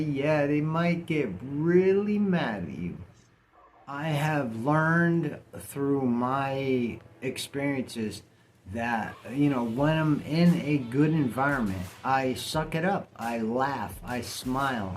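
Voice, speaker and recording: A man's voice: mid-range voice, slow pace, faint music behind. A man talking bluntly and casually to camera in a vlog, cursing now and then. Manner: blunt, plainspoken, swears casually. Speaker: vlogger.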